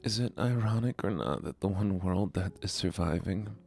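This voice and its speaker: A man's voice: low voice, moderate pace, gravelly, darkish tone, soft background music, pitched above the performer's own voice. A man putting on a whiny, sulky, complaining voice for a livestream.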